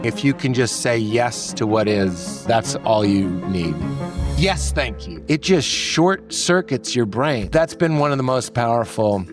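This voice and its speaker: A man's voice: mid-range voice, animated, unhurried, music in the background. A middle-aged man from Massachusetts, a comedian, telling stories in casual conversation, joking and self-deprecating. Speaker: comedian guest.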